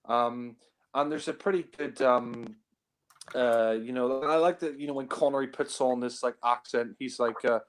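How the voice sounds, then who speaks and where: A man's voice: medium pitch, fairly even intonation, moderate pace. Rambling man chatting about films. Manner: rambling, heavy on fillers, laughs often. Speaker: film reviewer. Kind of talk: casual film discussion.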